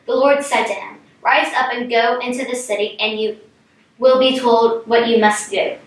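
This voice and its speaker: A woman's voice: a little high, fairly even intonation, moderate pace, recorded from a distance. A young woman reading scripture aloud in a plain way and stumbling on names. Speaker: scripture reader. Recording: echoey room, off mic.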